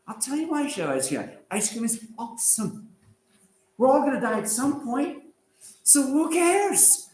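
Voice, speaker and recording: A man teaching a class, animated and sarcastic, firing rhetorical questions at his students. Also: very high voice, measured pace, roomy sound, poor audio. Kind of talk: lively lecture to students.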